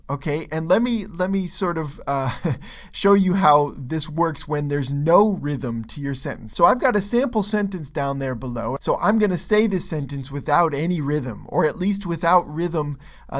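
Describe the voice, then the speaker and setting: A man teaching English pronunciation in a video lesson, explaining step by step and checking in often with "okay?" and "right?". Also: fairly high pitch. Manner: relaxed, with frequent fillers and restarts.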